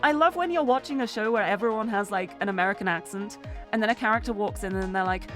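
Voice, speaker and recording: A woman's voice: medium pitch, animated, fairly quick, over music. A British woman chatting casually and giggling while streaming a video game. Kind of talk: casual gameplay commentary.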